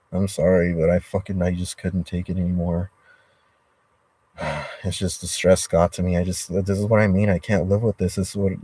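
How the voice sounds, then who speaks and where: A man talks into a livestream from inside a parked car, his voice deep and low. His tone is dark and mellow. He rambles, swears often and restarts sentences as his frustration spills out. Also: husky, dry recording. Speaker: livestreamer reading chat comments. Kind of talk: rambling live-stream chat.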